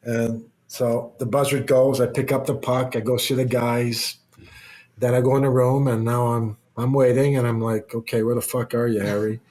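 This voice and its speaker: A man's voice: medium pitch, little pitch movement, moderate pace, darkish tone. Ex hockey guy rambling through a story on a podcast, restarts a lot, swears now and then. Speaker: guest, former hockey player. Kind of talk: casual storytelling interview.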